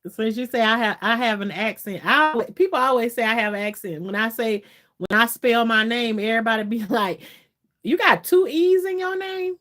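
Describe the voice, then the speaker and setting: A woman's voice: fairly high pitch, fairly quick, pushed and bright. A woman from Florida with a Southern US accent, hosting a casual livestream, chatting loosely and laughing often. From Florida, USA. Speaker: livestream host. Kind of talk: casual livestream chat, reading viewer comments.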